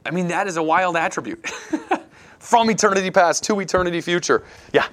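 A man's voice: high voice, normal speed, fairly bright tone. Earnest man thinking aloud. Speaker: discussion leader. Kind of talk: casual Bible study talk.

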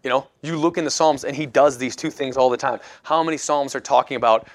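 A man's voice: mid-range voice, steady tone, quick pace. A man leading a casual Bible study talk, earnest and reflective, often restarting his sentences as he thinks aloud. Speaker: discussion leader.

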